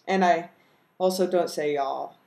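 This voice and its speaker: A woman from Texas with no regional twang talks to her camera in an unhurried, low-key way, filling the gaps with hesitant pauses. Her voice sits a little low and has a noticeable gravelly fry. She sounds modest and self-deprecating, as if she doesn't think she's very interesting. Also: darkish tone. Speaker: video blogger. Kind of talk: casual chat and word-list reading.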